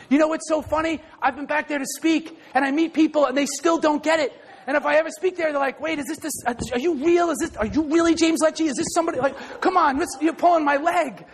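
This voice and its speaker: A male pastor preaching a lively sermon, often shouting and joking with the congregation. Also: very high-pitched, a little hiss or hum.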